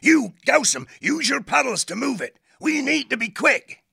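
A man voicing a big, brawny male otter leader who gives bluff, hearty orders in a gravelly voice. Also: extremely high pitch, very animated, normal speed, pushed and bright, dry recording, clean studio sound, voice pushed up, heavily acted. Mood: urgent.

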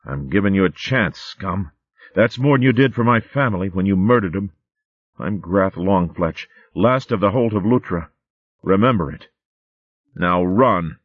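A fierce female otter warrior with a blunt, rough way of speaking, as a male narrator puts her on. Her pitch is pushed up well above the reader's low voice. It comes through a narrow, phone-like band with no room echo. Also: animated, unhurried. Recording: phone-like dry audio.

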